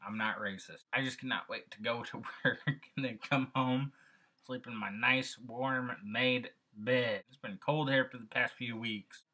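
A man's voice: medium pitch, steady tone, a little slow, pushed and bright, low-quality recording. A young man vlogging in a casual, rambling way, chatting about his day and football. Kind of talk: casual vlog chat.

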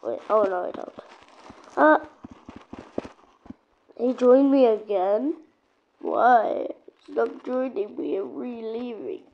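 Playing a game on her channel, a woman offers rambling, offhand commentary full of repetition and abrupt exclamations. Her fairly high voice is expressive and slow, with long pauses. Faint noise sits under the dull, lo-fi recording.

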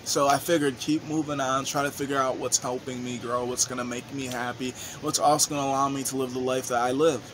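A young man vlogging, telling a rambling story in a casual, animated way and swearing freely. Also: mid-range voice, fairly quick, few pauses, noisy background. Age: young adult.

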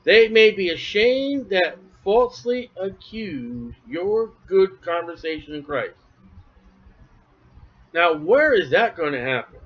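Male preacher, high voice, animated expository sermon, dull lo-fi church tape. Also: slow. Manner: animated, acts out imagined voices, asides to the congregation.

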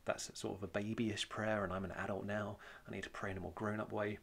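A man with a Welsh accent teaches on prayer in a casual, everyday way, using lots of "um" and "uh" and circling back to repeat his key points. His voice sits fairly low and has a gravelly fry to it. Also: little pitch movement, quick pace, a bit bright. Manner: conversational, plain-spoken, with frequent fillers and repetition for emphasis. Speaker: church speaker leading a prayer talk. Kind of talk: informal sermon teaching.

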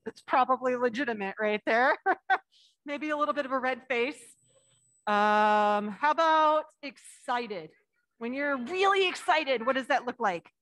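A woman pastor giving a children's message in church, chatting playfully with the kids and reading a picture book slowly with lively emphasis. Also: high-pitched, dry recording. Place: church sanctuary.

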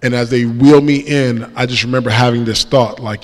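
A man's voice: medium pitch, steady tone, moderate pace. Young man telling his story in a reverberant church. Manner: casual storytelling, slangy, voices his past self. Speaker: guest speaker. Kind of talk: testimony talk from the pulpit. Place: large church sanctuary. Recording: long hall reverb in a church.

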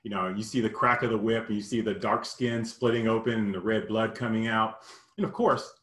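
A man from Kentucky earnestly recounting a childhood memory in casual storytelling, halting and full of "you know". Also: lowish voice, fairly even intonation, a bit bright, roomy sound. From Kentucky, US South.

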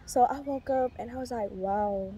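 Speaking fairly quickly in a high voice with a dark tone and fairly even intonation, a heavily pregnant young woman gives a faith testimony on her casual vlog. She rambles earnestly, with many fillers and restarts, and there's slight background noise.

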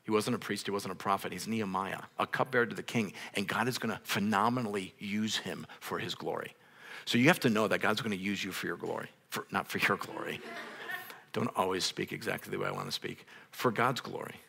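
A male pastor preaching a sermon in a casual, conversational way, with many restarts, growing louder and higher when stirred up. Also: fairly quick, gravelly, husky. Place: church sanctuary, on a raised stage.

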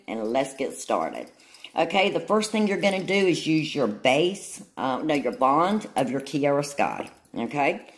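A woman with an unusually deep, low voice and a drawl walks through a nail demonstration. She talks in a chatty, homey way and keeps pausing to check in with her viewers. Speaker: nail tutorial host. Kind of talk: casual demonstration tutorial.

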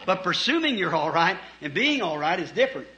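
A man preaching a fervent sermon, swinging from shouted points to quiet storytelling. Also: sits high, big pitch swings, fairly quick. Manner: fervent, rising to shouts, then dropping soft for stories.

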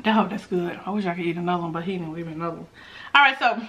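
A woman talks to her viewers as she eats on camera. Her voice swings widely up and down in pitch while she chats and hums over each bite. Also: very fast. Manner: chatty and animated, savoring food with hums. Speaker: mukbang vlogger. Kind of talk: casual eating vlog talk to viewers.

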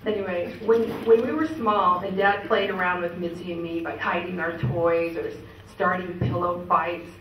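A woman's voice: mid-range voice, fairly bright tone. A woman telling family stories at a memorial gathering, chatty and laughing, with many fillers. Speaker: memorial speaker. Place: event hall. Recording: echoey hall, distant mic, ambient noise.

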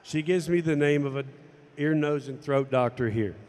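A man's voice: on the high side, moderate pace, a little mellow, big-room sound. A man telling a personal story to camera, acting out the dialogue as he goes. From United States. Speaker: golf instructor and former tour pro.

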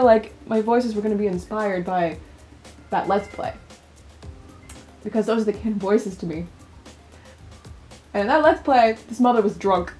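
A woman's voice: mid-range voice, expressive, moderate pace, pauses often, dark tone. Young woman let's-player, chatty and laughing, faint music under her. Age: young adult. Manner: chatty, laughing, swears freely. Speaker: let's play host. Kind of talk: casual gameplay commentary.

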